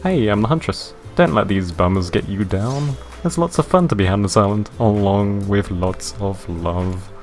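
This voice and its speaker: Man reading a cheerful flirty woman for a game, teasing, low voice, no real voice put on. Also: normal speed, few pauses, a little mellow, soft background music, close to an everyday voice. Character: cheerful flirty woman who loves fun.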